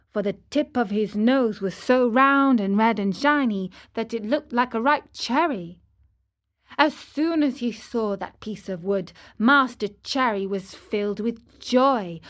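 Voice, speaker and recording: A woman narrating a children's audiobook in a slow, gentle storytelling manner. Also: on the high side.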